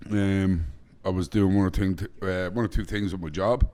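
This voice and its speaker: A man's voice: sits low, fairly even intonation, moderate pace, a little mellow. A man with an Irish accent, chatting as a guest chef on a podcast, blunt and profane. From Ireland. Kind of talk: casual podcast chat.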